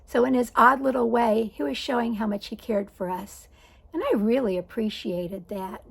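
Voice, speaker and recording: Gravelly, husky woman in her sixties telling a story. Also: a little high, normal speed. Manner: conversational, self-correcting, wry. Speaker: vlogger. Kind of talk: personal storytelling.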